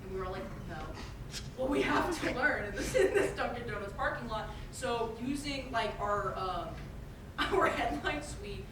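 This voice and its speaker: A young woman tells an animated improv story, slightly high-voiced, mixing in playful sound effects. She is heard from far off in an echoey hall with clear noise. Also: moderate pace. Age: young adult. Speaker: improv performer. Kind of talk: live improv comedy.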